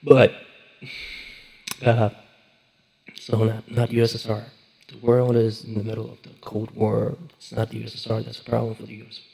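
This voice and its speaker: Gravelly, husky man ranting sarcastically. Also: medium pitch, dark tone, rough recording. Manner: swearing, sarcastic, exasperated, rambling with restarts. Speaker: online show reviewer. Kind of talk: casual ranting review.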